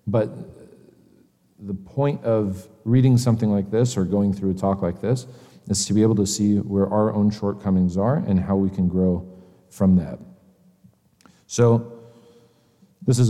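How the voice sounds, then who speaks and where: A man giving an earnest, conversational church lecture, pausing often as he searches for words. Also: fairly low pitch, warm tone. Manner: earnest, hesitant with frequent pauses. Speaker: church teacher. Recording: long reverb of a hall.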